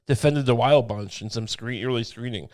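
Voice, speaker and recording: A man's voice: medium pitch, normal speed, a little mellow. A young adult man hosting a podcast, rambling and cursing in casual comedic chat, laughing often. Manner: rambling, profane, laughs a lot. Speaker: podcast host.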